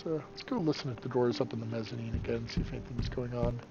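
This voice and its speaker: A man's voice: medium pitch, vocal fry, lo-fi sound. A man, one of the game's developers, casually playing through it on a live stream and reading the game's dialogue aloud. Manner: casual, reads character lines in quickly dropped voices. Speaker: game developer playing his own game. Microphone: desk microphone.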